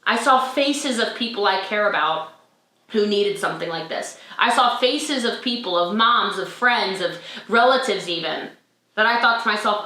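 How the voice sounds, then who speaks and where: A woman's voice: medium pitch, expressive, normal speed, pushed and bright, reverberant. A woman in her thirties, a network marketing coach giving an emphatic, emotional motivational talk on a video call, full of rhetorical questions.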